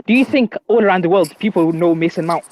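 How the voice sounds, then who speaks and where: A man's voice: high voice, a loud crowd. A man on a fan call who asks questions and explains his points in a rush. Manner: rapid, questioning. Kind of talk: fan livestream chat.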